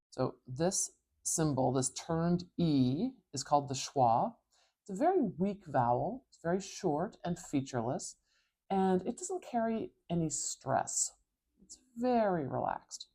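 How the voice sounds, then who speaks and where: A woman pronunciation coach teaching phonetic transcription, patiently modeling each sound slowly and aloud in a North American accent. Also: low voice, big pitch swings, warm tone, husky. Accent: North American English. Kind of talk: tutorial explaining phonetic transcription.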